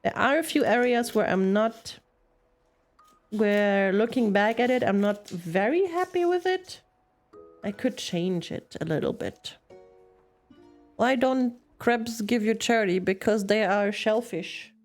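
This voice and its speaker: A woman's voice: mid-range voice, lively intonation, measured pace, soft background music. A young woman streaming while she crafts, chatting casually in a rambling way, giggling often and telling puns.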